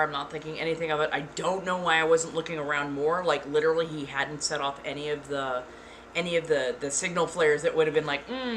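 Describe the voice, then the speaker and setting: A woman talks in relaxed, casual storytime mode, with a bright, forceful tone sitting a little low. She gets animated and swears freely. Faint ambience sits behind her. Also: a little hiss or hum. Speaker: ASMR channel host.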